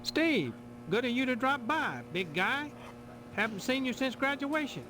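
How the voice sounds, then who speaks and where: A man's voice: very high voice, very animated, measured pace, noisy background, exaggerated voice. A man playing a jovial, overly friendly school principal in a game. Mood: hearty. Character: jovial middle-aged male school principal.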